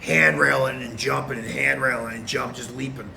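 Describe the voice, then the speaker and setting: A middle-aged man from Canada, a retired wrestler telling an animated anecdote as a guest on a video call. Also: mid-range voice, moderate pace, creaky, a crowd in the background. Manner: animated, acts out quotes. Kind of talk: anecdote storytelling.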